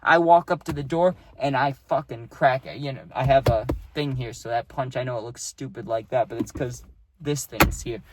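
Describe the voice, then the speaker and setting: A man's voice: mid-range voice, normal speed, heavy background noise. A young man telling a personal story in a loose, profane, rambling way, full of fillers, recorded close to the mic. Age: young adult. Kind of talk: casual storytelling.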